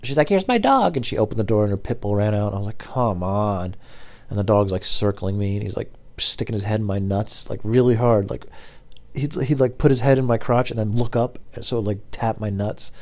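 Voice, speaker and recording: A young man telling rambling stories to camera in a deadpan, casual way. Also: fairly low pitch, fairly quick. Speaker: former pizza delivery driver telling stories.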